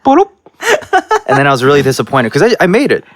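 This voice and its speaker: Animated young man telling stories. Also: fast, a crowd in the background. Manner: animated storyteller, jumps up in pitch for punchlines. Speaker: podcast host. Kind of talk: casual chat. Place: indoor podcast recording.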